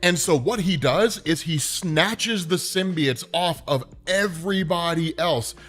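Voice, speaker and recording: A man's voice: fairly high pitch, unhurried, a bit bright. A man casually explaining a comic book story, chatty and dotting his talk with "right?" and "like".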